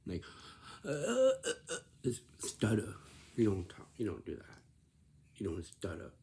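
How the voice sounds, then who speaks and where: A man's voice: sits low, big pitch swings, normal speed, vocal fry, warm tone, a little hiss or hum. A man giving earnest, informal advice to his viewers, speaking to them directly and repeating his points. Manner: earnest, repetitive, instructing the listener directly. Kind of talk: informal explanatory talk.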